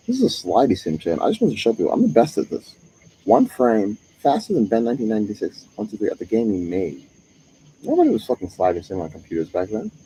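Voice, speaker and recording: A man's voice: deep voice, dark tone, a little hiss or hum, rough recording. A man streaming live, talking in a profane monologue that jumps from one topic to the next.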